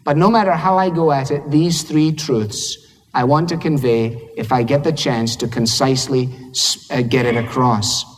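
A man's voice: mid-range voice, steady tone, normal speed, in a large hall. A man with a Scottish accent preaching a sermon in a conversational, humorous way, acting out little dialogues. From Scotland.

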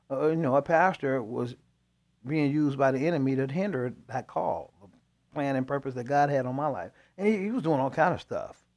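Animated man telling testimony. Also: on the high side. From Chicago. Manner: animated storyteller, dialect grammar, laughs often. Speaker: pastor, co-host. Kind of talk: testimony in faith talk show.

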